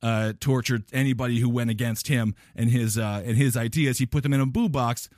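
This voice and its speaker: A man's voice: mid-range voice, steady tone, fairly quick, a little mellow, dry recording, clean studio sound. A young man from Wisconsin riffing jokily in a casual comedic chat. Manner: riffing, jokey, puts on silly voices.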